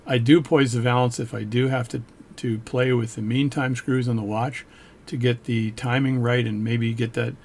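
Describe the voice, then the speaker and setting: A watch repairer with a creaky, mid-range voice reviews a book on camera in a rambling, casual way, often joking on the side and interrupting himself. A slight hiss or hum can be heard.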